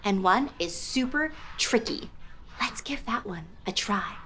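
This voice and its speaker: A woman's voice: fairly high pitch, animated, unhurried, bright, forceful tone, slight background noise. A young woman hosting a toddler learning show, playful and exaggerated, spelling words letter by letter with laughs and gasps. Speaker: children's educational host. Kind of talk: slow, sing-song toddler teaching with animal sounds.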